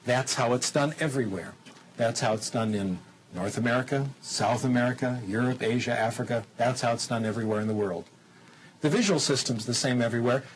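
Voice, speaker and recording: A man gives a lecture to a television audience in an even, mid-pitched voice. He teaches in a lively, demonstrative way, firing off rhetorical questions and slipping into simple, slow German to make his point. A faint hum runs behind him. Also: poor audio. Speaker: lecturer on language acquisition.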